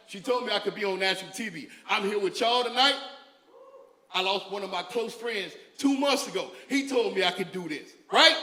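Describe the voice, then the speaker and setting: A man's voice: high voice, sharp tone, slight background noise. A man doing a stand-up comedy set on stage, telling stories in a loose, chatty way and talking back to the crowd. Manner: loose, conversational storytelling with crowd asides. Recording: echoey hall with long reverb.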